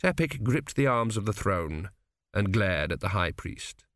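Male audiobook narrator, wry delivery, animated pitch, dry close recording. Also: measured pace, no echo.

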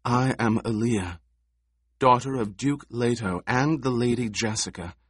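A man's voice: medium pitch, a little slow, husky, no echo, studio quality. A man voicing an eerie, haughty little girl who speaks in a cool, precise, scornful way.

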